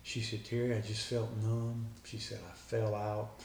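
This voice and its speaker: A man's voice: lowish voice, monotone, a little slow, a little mellow, recorded from a distance, slight background noise. A man, a guest earnestly retelling a conversation line by line. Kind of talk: personal storytelling. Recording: echoey room with faint background ambience.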